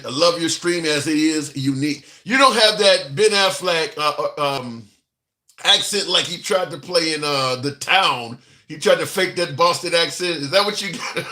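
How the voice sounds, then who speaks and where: A man's voice: fairly high pitch, bright, forceful tone. A man hosting a live stream, talking in a blunt, profane, rambling way and reading out viewer comments. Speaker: livestream host.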